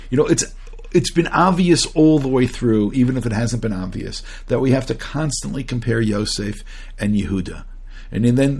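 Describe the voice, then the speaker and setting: A man's voice: mid-range voice, vocal fry, a little mellow, breathy edge. A man, a rabbi, giving a conversational Torah lecture. He earnestly questions his listeners, restarts phrases, and chants Hebrew verses between his English explanations. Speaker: rabbi teaching a Torah class.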